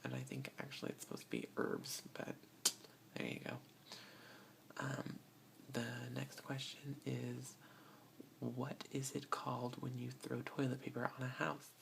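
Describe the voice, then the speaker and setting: ASMR creator: slow, gravelly whisper with a faint hiss behind. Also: mid-range voice, flat delivery. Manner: whispers, with soft breathy laughs. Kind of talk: soft-spoken ASMR.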